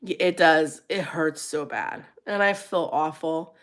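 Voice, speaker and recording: Middle-aged lady chatting on her livestream, lively, laughs a lot, pitch jumps way up on quotes. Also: unhurried. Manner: animated, laughs often, squeals when quoting herself. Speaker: livestream host. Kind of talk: casual livestream chat.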